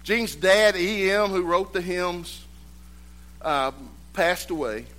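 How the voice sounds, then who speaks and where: A man preaching a sermon, moving between loud, emphatic exhortation and hushed, quiet storytelling. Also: high-pitched, slow pace.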